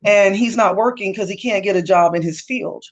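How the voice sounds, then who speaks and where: A woman guest author telling a story in conversation, voice set at a middling pitch. She is expressive and quick to act out the people she quotes. The audio sounds a little muffled and lo-fi. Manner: expressive, acts out quoted voices, laughs often.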